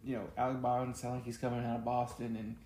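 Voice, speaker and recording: A man's voice: medium pitch, monotone, fast, dark tone, roomy sound, slight background noise. A man co-hosting a podcast in casual chat, joking and teasing his co-host. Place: home studio. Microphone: podcast mic.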